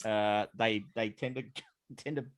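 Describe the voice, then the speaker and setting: A man's voice: fairly low pitch, steady tone, slow pace. A man running a tabletop role-playing game as game master, narrating the scene with many fillers and restarts.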